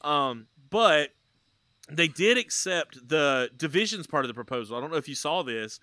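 Very bright man, dry close sound. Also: a little high, lively intonation, dry recording. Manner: joking, goofy, quick to laugh. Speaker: podcast co-host. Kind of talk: casual sports chat.

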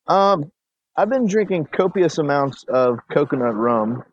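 A man's voice: fairly high pitch, expressive, unhurried, muffled recording, slight background noise. A young man telling loose, rambling stories as a podcast co-host in casual chat. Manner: laid-back, rambling storyteller.

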